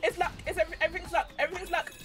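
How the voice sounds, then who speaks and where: A young woman streaming a game live, chatting excitedly to the characters on screen and squealing whenever she gets startled. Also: very high voice, racing. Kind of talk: live gameplay commentary. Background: faint game music.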